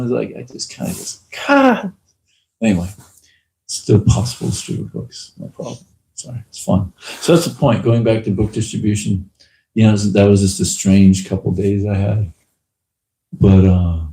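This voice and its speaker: A man giving a casual talk at a temple, telling lively anecdotes and acting out the people in them. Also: on the low side, creaky, rough recording. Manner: lively anecdotal storyteller, acts out quotes. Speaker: temple speaker.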